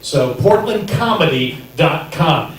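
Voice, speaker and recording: A man's voice: a little high, animated, slow. A man who teaches comedy, emceeing a showcase and teasing the crowd with loose banter. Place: comedy theater stage. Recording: echoey theater, mic at distance.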